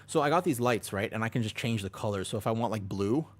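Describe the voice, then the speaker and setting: A man's voice: on the low side, expressive, fast talker. A man streaming from his bedroom, chatting casually with viewers and swearing freely. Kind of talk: casual chat to a live stream.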